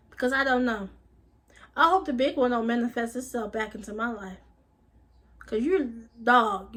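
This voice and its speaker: High-voiced emphatic woman vlogger. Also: a bit bright. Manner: emphatic, blunt, swears freely; repeats phrases for emphasis. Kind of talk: casual spiritual monologue.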